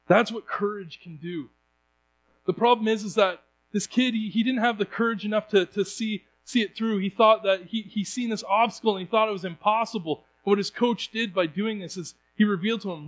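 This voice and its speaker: A man's voice: high-pitched, fairly quick, rough recording. A young man preaching a sermon in an earnest way, often restarting his sentences.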